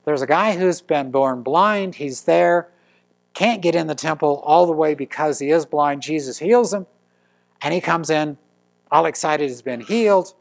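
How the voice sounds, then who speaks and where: Middle-aged male pastor; sermon delivery, animated storytelling, slightly high pitch. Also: unhurried, creaky. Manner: storytelling with lively acted quotes.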